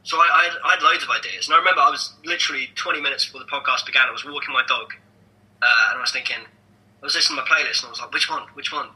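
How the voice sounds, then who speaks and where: A young man co-hosting a podcast, talking casually and rambling with lots of restarts and animated asides. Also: mid-range voice, racing, low-quality recording. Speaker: podcast co-host.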